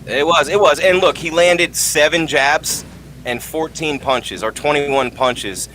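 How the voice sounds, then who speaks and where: A man hosting a combat sports talk show, talking in an animated, opinionated way and telling anecdotes. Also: a little high, a little slow, a little hiss or hum. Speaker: host. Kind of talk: casual combat sports commentary.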